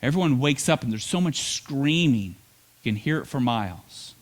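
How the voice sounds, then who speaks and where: A man preaching a sermon as pastor, telling the story with playful asides and quick acted lines. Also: mid-range voice, animated.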